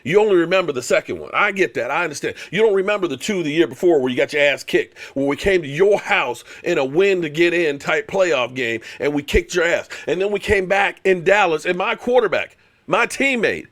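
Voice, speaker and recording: A man ranting on his live stream about football, sitting high in his register and swinging his pitch all over. He sounds fired up and sarcastic, mocking his rivals and hammering his points home by repeating himself. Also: expressive, fairly quick, hardly any pauses, a bit bright. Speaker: show host and former pro football player. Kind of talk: heated live-stream sports rant.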